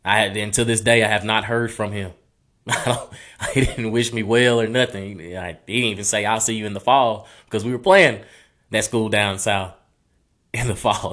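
A man's voice: lowish voice, fairly bright tone. A young man, a former college football player telling his story earnestly and repeating phrases as he goes. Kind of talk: personal storytelling.

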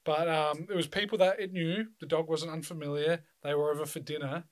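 A man's voice: a little high, steady tone, brisk. Swearing young man telling stories. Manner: loose, swearing storyteller who laughs often. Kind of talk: casual chat.

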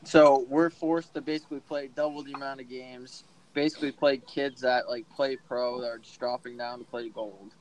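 A man's voice: medium pitch, fairly even intonation, normal speed, hardly any pauses, a little mellow, slight background noise, poor audio. A man telling stories and teasing friends with constant swearing in casual chat. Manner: profane, teasing storyteller. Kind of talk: casual crude banter.

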